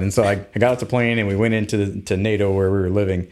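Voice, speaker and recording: Man, young adult, casual storyteller, low voice, jumps up high for quoted voices. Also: steady tone, quick pace, darkish tone.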